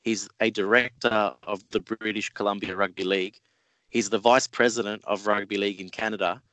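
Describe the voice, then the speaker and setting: A man's voice: lowish voice, steady tone, fairly quick, fairly bright tone, dry recording, rough recording. A man hosting a podcast interview, introducing and questioning his guest in a friendly, teasing way. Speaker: podcast host.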